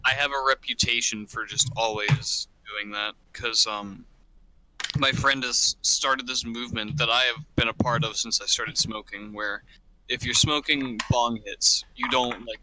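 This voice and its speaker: A young man in casual podcast chat, explaining things in a relaxed, matter-of-fact way. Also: medium pitch, normal speed, a little hiss or hum, poor audio.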